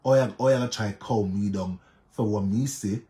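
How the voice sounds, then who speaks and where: A man with a Jamaican accent talks through online drama in casual commentary, his voice sitting on the low side. He is emphatic and repeats his points, sliding between patois and English. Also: normal speed, dark tone.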